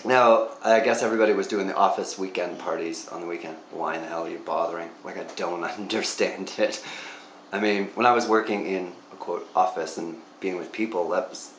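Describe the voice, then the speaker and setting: A man's voice: low voice, fairly even intonation, brisk, a bit bright, a little hiss or hum. A man hosting a casual vlog, telling stories with wry jokes and laughing at his own punchlines. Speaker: vlog host. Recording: roomy echo.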